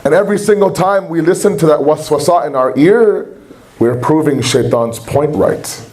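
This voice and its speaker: Male lecturer, religious talk, conversational, rhetorical questions, humorous, high-pitched. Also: moderate pace, a little mellow. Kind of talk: sermon-style lecture.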